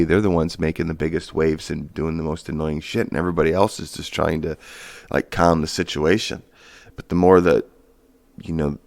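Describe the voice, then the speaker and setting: Male podcast host, deep gravelly voice, sarcastic profane solo rant. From Michigan, USA. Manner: sarcastic, profane, rambling with fillers.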